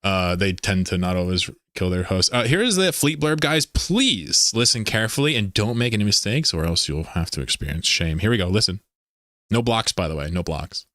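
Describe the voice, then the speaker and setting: A man's voice: low voice, lively intonation, normal speed, bright, forceful tone, no room sound, clean studio sound. A man live-streaming a game, chatting casually and joking with viewers, swearing now and then.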